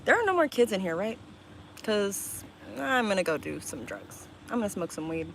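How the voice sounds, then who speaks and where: A young woman live-streaming, chatting casually with her viewers, reading their comments aloud and answering bluntly with a lot of swearing and quick laughs. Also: medium pitch, big pitch swings, a little hiss or hum, poor audio. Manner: blunt and profane, reading chat aloud and snapping back; quick laughs and sudden loud outbursts.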